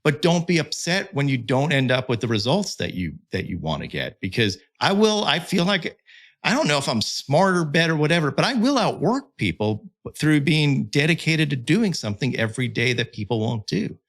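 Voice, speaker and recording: As a guest on a casual podcast, a middle-aged content creator and pitching analyst speaks candidly and emphatically, peppering his talk with fillers and restarts. His voice sits on the high side, a bit bright and very animated, at a normal speed.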